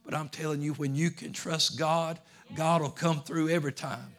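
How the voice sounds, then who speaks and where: A pastor preaching a sermon, telling a story that swings from hushed, low asides to emphatic, raised declarations. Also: male voice, fairly even intonation, normal speed.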